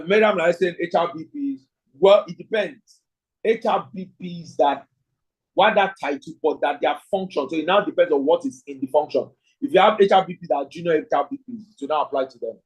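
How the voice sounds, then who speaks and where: A man leads an online leadership class. His voice is slightly high and husky. He thinks aloud, tags his points with "right?" and reads out answers from the class. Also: poor audio. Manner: thinking aloud, frequent "right?" tag questions; reads participants' chat answers. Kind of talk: online class lecture with audience questions.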